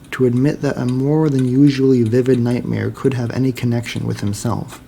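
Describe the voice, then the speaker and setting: Male storyteller, dark and gravelly, measured dramatic reading of a ghost story. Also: mid-range voice, slight background noise. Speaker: library staff reader.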